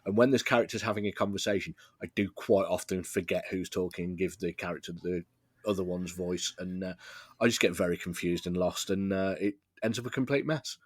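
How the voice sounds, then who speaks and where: Low-voiced man, dry close sound. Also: fairly even intonation, brisk, dry recording. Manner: rambling, fond of filler words, laughs easily. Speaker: podcast guest. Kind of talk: casual podcast chat.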